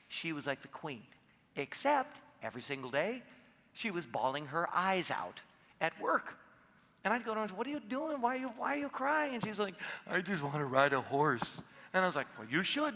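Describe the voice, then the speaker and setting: A man giving a live seminar talk, telling stories in an animated way and acting out the voices of people in them. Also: on the high side, long reverb tail. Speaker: seminar speaker.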